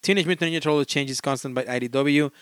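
A man's voice: fairly high pitch, fast talker, clean tone, dry recording, studio quality. A man hosting a casual solo board game podcast, talking in an enthusiastic, rambling way and often restarting and apologizing for his pronunciation.

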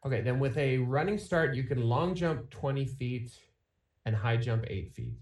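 A man with an ordinary mid-pitched voice trading dry jokes at a tabletop game. His voice carries some room echo. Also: animated, moderate pace, a little mellow. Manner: joking, dry. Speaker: player.

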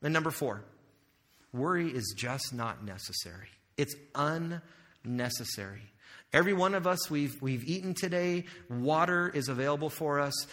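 A man's voice: a little high, lively intonation, moderate pace, a bit bright. A male pastor preaching a sermon in a conversational way, asking the audience questions and making joking asides. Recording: long hall reverb.

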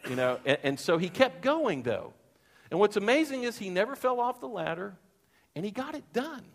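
A man's voice: sits high, very animated, normal speed, vocal fry. Earnest male preacher in a reverberant hall. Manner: earnest storytelling, repeats phrases for emphasis. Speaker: pastor. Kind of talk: sermon.

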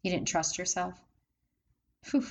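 Woman, personal testimony, low pitch, gravelly fry, husky, candid, asks rhetorical questions. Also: expressive, a little slow, a little mellow, rough recording. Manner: candid, repetitive phrasing. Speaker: mother telling her own story.

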